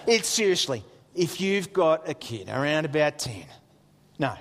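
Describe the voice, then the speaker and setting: A middle-aged man preaching with a high, lively voice that swoops up and down as he tells a story. His tone is slightly husky, and a long hall reverb carries each phrase. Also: normal speed. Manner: animated storyteller, acts out his son's lines. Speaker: pastor. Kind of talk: sermon.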